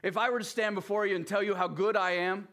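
A man preaching a sermon in a conversational way, often turning to the listeners with quick asides. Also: high voice, steady tone, fairly bright tone. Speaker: pastor.

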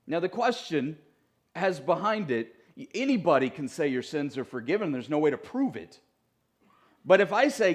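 A man's voice: fairly high pitch, big pitch swings, moderate pace. Conversational man preaching a sermon. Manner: conversational, joking asides to the congregation. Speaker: pastor. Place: church sanctuary.

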